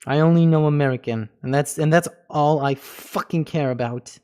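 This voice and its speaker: A man's voice: fairly high pitch, normal speed, a little mellow, clean tone. A man streaming live, chatting casually, swearing often, joking and breaking into mock foreign phrases. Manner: laughs often between lines. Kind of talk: casual livestream chat.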